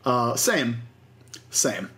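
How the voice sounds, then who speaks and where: A man co-hosting a casual podcast, recapping scenes with wry, deadpan jokes. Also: medium pitch, very slow. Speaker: podcast co-host. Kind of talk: casual chat recapping an anime episode.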